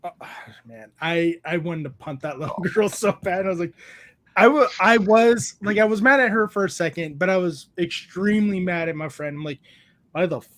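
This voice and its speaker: A man with a notably high speaking voice hosts a relaxed card-collecting chat. He tells his stories animatedly and lifts his voice to act out what others said. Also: normal speed. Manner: animated, acts out quotes with a raised voice. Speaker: podcast host. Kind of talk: casual chat, storytelling.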